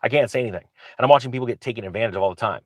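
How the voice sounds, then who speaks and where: A man hosting his own channel, talking casually to camera in an excitable, rambling way with frequent restarts. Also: medium pitch, rapid-fire, dry recording. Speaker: real estate investor and channel host.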